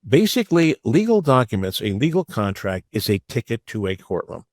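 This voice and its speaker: A man's voice: on the low side, sing-song, fairly quick, a little mellow, no room sound, studio quality. A man teaching a webinar as a business lawyer, frank and conversational, mixing advice with anecdotes. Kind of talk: webinar lecture.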